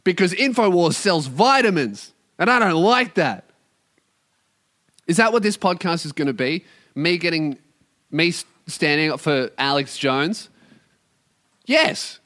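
A man's voice: on the high side, moderate pace, a bit bright. Profane Australian man ranting on his podcast. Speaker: podcast host. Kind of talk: casual solo podcast rant.

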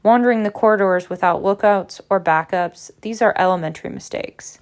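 A woman's voice: a little fast, lightly acted. Snape, a curt stern professor, as a woman reads him. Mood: stern, cold. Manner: curt, low and clipped. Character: cold, stern male potions professor.

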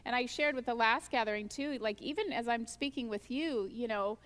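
A woman's voice: fairly high pitch, a little fast, fairly bright tone. A woman giving a personal testimony at a church gathering, telling stories earnestly and acting out her own prayers. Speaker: guest speaker at a church gathering. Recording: long church hall reverb.

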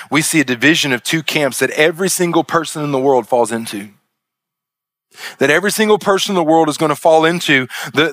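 Forceful male preacher, dry sound. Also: on the high side, dry recording. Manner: emphatic preaching with repeated parallel phrases. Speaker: pastor. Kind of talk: sermon.

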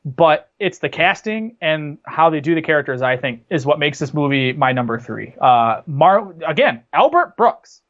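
A man talks through a film he loves in an enthusiastic, rambling way, his voice sitting a little high for a man. The recording is dull and lo-fi, as if the highs were shaved off. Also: very animated, moderate pace, few pauses, fairly bright tone. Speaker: podcast co-host. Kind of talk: casual movie discussion.

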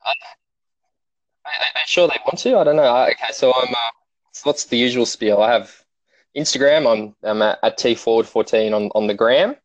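A man's voice: medium pitch, moderate pace, dry recording. A young Australian man chatting casually as a podcast guest, laid-back and joking, often stumbling and restarting his sentences. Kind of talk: casual chat. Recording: dull lo-fi audio.

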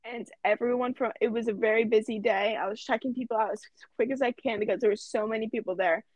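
A teenage girl co-hosting a podcast, telling an animated work story and swearing freely. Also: on the high side, fast talker, dry recording, muffled recording. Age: teens. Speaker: podcast co-host. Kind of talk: casual chat.

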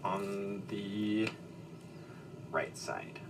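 A man with a fairly low voice runs a tabletop game as its narrator, easygoing and a little halting. He sits some way off from the mic, with a faint hiss of noise behind him. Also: distant mic. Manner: relaxed, hesitant narration with fillers and laughs. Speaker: game master.

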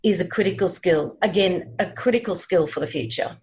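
A woman career coach speaking as a podcast guest, measured and emphatic, repeating her key points. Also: on the low side, darkish tone. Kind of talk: casual interview chat.

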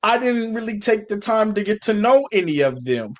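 A man's voice: sits high, very animated, normal speed. A man co-hosting a casual podcast chat, blunt and laid-back, swearing freely. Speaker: podcast co-host.

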